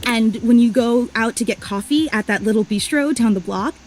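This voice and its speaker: A woman's voice: fairly high pitch, normal speed, lightly acted, low-quality recording. A woman voicing an overly emotional, clingy young female superfan in a video game, gushing and apologizing in a tearful rush. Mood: adoring.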